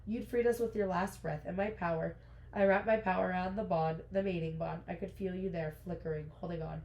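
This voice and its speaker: A woman's voice: fairly low pitch, fairly even intonation, creaky, roomy sound, rough recording. A woman reading aloud the lines of a brooding male fae lord who is confessing his love. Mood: earnest. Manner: reads book lines aloud, hurried and soft.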